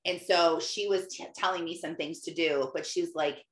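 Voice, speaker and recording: A woman hosting a casual live call, telling stories in an animated way and acting out her own lines with big jumps in pitch. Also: moderate pace. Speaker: host, life coach. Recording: echoey room.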